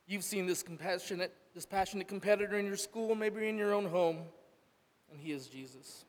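A man, a father, giving an earnest sermon testimony, rising loud and falling soft. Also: high-pitched, a little fast, long reverb tail. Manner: earnest, swells loud then drops soft. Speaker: church speaker, father.

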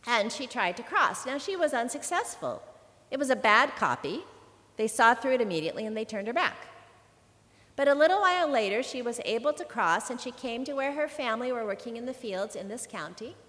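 A woman preaching a sermon, telling a story earnestly and slowing down to stress key words. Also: on the high side, lively intonation, a bit bright, in a large hall.

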